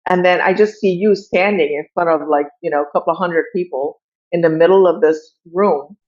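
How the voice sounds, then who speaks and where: A woman's voice: on the low side, fairly quick, a little mellow. A middle-aged woman from an Iranian American background, a guest telling a story in casual chat and acting out what other people said. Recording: muffled dull audio.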